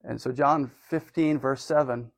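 A man preaches an informal sermon, thinking aloud with plenty of fillers and self-corrections. His voice sits in an ordinary middle pitch. The sound is dry, with little room echo. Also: fairly even intonation, unhurried, vocal fry. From United States. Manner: conversational, rambling with many fillers and restarts.

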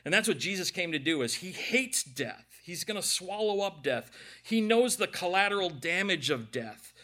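Emotional preaching man, slightly high voice. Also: animated, moderate pace, sharp tone. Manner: earnest, emotional, with self-deprecating asides. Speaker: pastor. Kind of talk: conversational sermon.

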